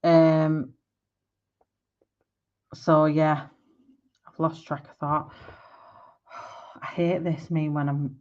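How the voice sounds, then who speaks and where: A woman's voice: sits low, flat delivery, drawn-out words, long pauses, darkish tone, muffled recording. A woman in her forties chatting casually on a live stream while she colours, rambling and laughing often. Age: 40s. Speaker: art livestreamer.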